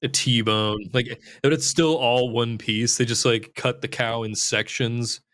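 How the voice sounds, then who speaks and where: A man's voice: mid-range voice, steady tone, unhurried, a bit bright. A man hosting a podcast, chatting casually in a rambling, profane way with lots of "like". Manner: rambling, profane, heavy use of "like". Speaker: podcast host. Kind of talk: casual chat.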